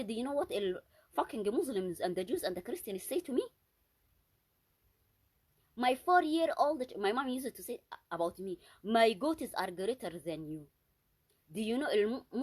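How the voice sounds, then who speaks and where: A woman vlogger speaks alone and off the cuff, her voice on the high side and slightly rough. She sounds agitated and accusatory, frequently breaking off to restart and repeating words for emphasis.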